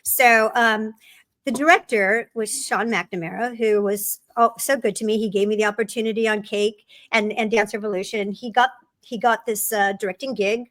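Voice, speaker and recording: A middle-aged woman, a guest in an interview, telling stories about her career in an animated way and acting out the people she quotes. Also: medium pitch, normal speed, no echo. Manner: animated storyteller, acts out quoted people, laughs often. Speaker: film writer and producer guest. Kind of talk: conversational interview storytelling.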